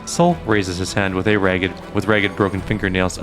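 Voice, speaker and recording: A low-voiced man narrates a role-playing game playthrough, reading the text aloud and chatting casually about his choices. Soft music plays faintly underneath. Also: level tone, moderate pace, few pauses. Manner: casual, thinking out loud. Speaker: gaming channel host. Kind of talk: let's play commentary and reading game text.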